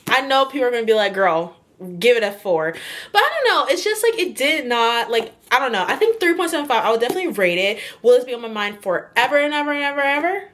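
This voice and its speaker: Her high, fairly bright voice is very animated, firing off words rapidly with few pauses. She's a vlogger casually talking about a book she's in the middle of, rambling and gushing openly while saying "like" and "kinda" constantly.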